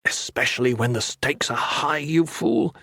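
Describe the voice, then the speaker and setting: A man's voice: medium pitch, brisk, dry recording, clean studio sound, close to an everyday voice. A man voicing a reckless young male soldier cadet who barks orders and swears in an audiobook. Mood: muttering. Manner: urgent, gruff, swearing. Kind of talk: audiobook character voice.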